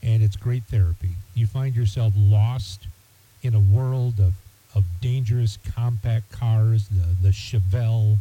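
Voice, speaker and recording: A man's voice: fairly low pitch, steady tone, unhurried, mellow, muffled recording, a little hiss or hum. A man hosting a radio show, talking casually and rambling with many fillers and restarts. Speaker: radio host. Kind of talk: casual talk radio monologue.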